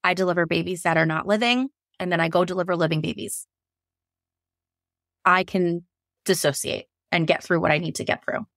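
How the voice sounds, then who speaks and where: A young woman, a nurse and podcast guest, candidly telling a personal story in a lively way, acting out what people said and laughing often. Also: lowish voice, a little fast, no echo, clean studio sound. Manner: lively, quotes herself, frequent laughs.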